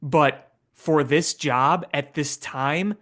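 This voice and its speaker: A man's voice: a little high, very slow, fairly bright tone. A man co-hosting a sports talk podcast, rambling casually with stammering restarts.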